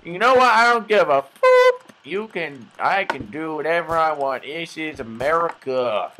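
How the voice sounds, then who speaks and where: A man voicing a defiant homeless bum in a loud, high, drawn-out voice. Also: huge pitch swings, noisy background.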